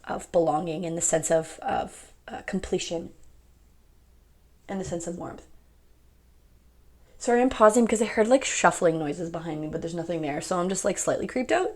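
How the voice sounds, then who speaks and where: A woman's voice: mid-range voice, darkish tone. A young woman giving a casual pick-a-card tarot reading, chatty and rambling, often laughing at herself.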